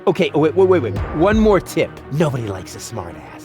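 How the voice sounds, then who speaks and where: A man's voice: fairly high pitch, wildly swooping pitch, brisk, a little mellow, soft background music. An actor playing a cocky, sarcastic young man in a video game, talking brashly and mockingly. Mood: smug. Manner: brash and mocking, breaks into song. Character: cocky, sarcastic young male junk-planet schemer. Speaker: player character. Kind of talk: studio video game voice acting.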